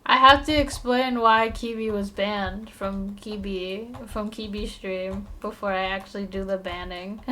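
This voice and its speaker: A woman streaming live while she draws, chatting casually with her viewers in a playful, rambling, self-mocking way, quick to apologize and laugh. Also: mid-range voice, steady tone, sharp tone.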